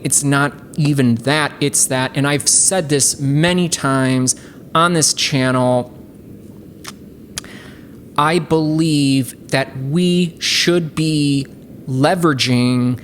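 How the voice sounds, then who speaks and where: Low-voiced woman hosting a chatty tutorial. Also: a little hiss or hum. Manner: chatty and enthusiastic, many fillers. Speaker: host. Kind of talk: casual tutorial demonstration.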